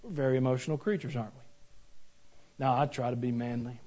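A man preaching a sermon, animated and joking, with rhetorical questions to the congregation. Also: medium pitch, fast. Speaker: pastor. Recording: dull lo-fi recording.

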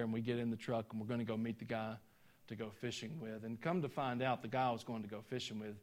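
A middle-aged man with a Southern Georgia accent preaching a sermon, folksy and self-deprecating, telling personal stories with chuckling asides. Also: medium pitch. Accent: Southern US (Georgia, some Tennessee). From Georgia, USA. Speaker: pastor.

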